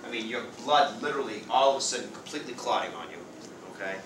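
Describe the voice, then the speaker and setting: A man teaching a high school history class, lively and playful, acting out quick voices for the people in his story. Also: noisy background. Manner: lively, acts out quick voices of nations and leaders. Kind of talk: classroom lecture. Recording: roomy classroom sound from far off.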